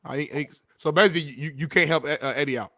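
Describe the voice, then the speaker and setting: Casting: male sports-show co-host, bright and forward tone, playful chat, dry close mic. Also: a little high, quick pace, no room sound. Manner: laid-back, joking, playful. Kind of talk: casual chat.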